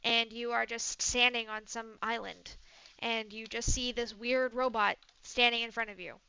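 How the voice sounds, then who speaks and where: A woman's voice: a little high, little pitch movement, normal speed, gravelly, bright, forceful tone, clear, resonant tone, dry recording. A woman game master casually narrating a tabletop role-play game. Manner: casual narration with fillers and restarts. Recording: dull lo-fi mic.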